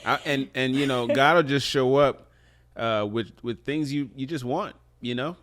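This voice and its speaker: A man co-hosting a podcast, telling a story in a relaxed, conversational way with small laughs. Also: medium pitch, normal speed, slight background noise. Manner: relaxed, conversational, chuckles and affirms with mm-hmm. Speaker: podcast co-host. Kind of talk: casual storytelling chat.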